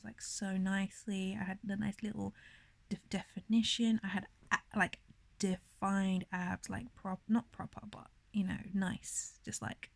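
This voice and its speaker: Young woman, emotional, near tears, rambling casual vlog, middle pitch, dry close sound. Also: vocal fry, dry recording. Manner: rambling, emotional, many fillers and laughs. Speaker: vlogger.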